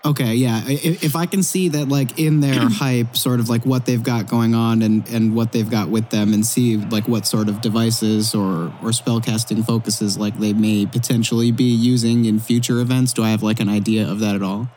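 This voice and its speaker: A man playing a tabletop role-playing game with an ordinary mid-pitched voice. He thinks aloud eagerly as he plans his moves, circling back to rephrase as he goes. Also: steady tone, moderate pace, hardly any pauses, darkish tone, slight background noise. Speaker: player. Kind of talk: casual tabletop play.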